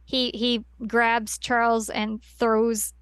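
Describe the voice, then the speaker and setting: Smooth-voiced woman rambling through a recap. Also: fairly high pitch, level tone, slow pace, fairly bright tone, no room sound. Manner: rambling plot recap with many fillers. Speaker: podcast co-host. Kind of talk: casual chat.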